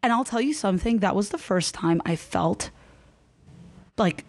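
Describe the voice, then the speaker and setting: A woman telling a personal story in casual chat, animated and acting out what people said. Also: mid-range voice, normal speed, dry recording. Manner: animated storyteller who acts out quotes.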